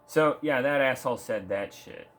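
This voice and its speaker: In a mid-range, fairly bright voice at normal speed, a male gaming vlogger goes off about video games. The rant is casual and foul-mouthed, wandering from point to point while mocking what he covers.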